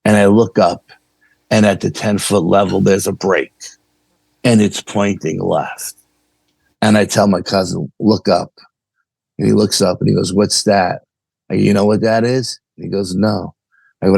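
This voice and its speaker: A man's voice: deep voice, measured pace, gravelly, slightly rough, dry recording. A man, a podcast guest casually recounting a story and acting out the dialogue. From New York. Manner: animated, acts out dialogue in the story. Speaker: podcast guest, paranormal investigator.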